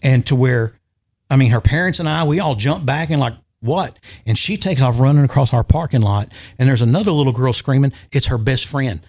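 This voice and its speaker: A man's voice: mid-range voice, a little fast, a little mellow. A man telling an emotional story in a casual podcast chat, with frequent restarts. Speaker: podcast guest.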